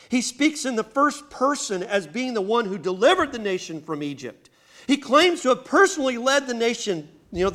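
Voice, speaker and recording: A man's voice: sits high, fairly bright tone. A male pastor preaching a sermon in a church, building to emphatic bursts and speaking straight to the congregation. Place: church sanctuary.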